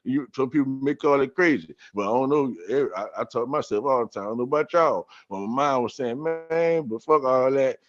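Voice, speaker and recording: A man on a podcast telling a story about scripture in a casual, profane, streetwise way, getting animated and repeating himself. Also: medium pitch, a little fast, hardly any pauses, soft background music. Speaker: podcast guest. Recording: dull lo-fi sound.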